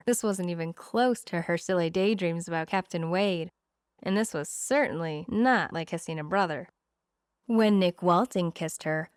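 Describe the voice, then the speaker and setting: A woman narrates a romance audiobook with a smooth, clear, resonant voice. Her pitch sits in the middle range, and the sound is close and dry. She slows her pace for the tender moments. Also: no echo.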